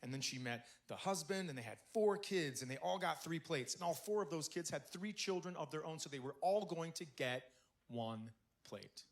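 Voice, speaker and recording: A man's voice: fairly high pitch, normal speed. A middle-aged man telling a stand-up comedy story on a club stage, acting out the people in it. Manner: storytelling, acting out characters, loud punchlines. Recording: noisy live club recording.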